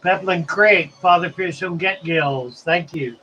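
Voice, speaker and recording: In slightly dull audio with a faint background hiss, a man slowly hosts a relaxed live stream in a somewhat high voice. He's unhurried and chatty, reading viewer comments and musing aloud in between.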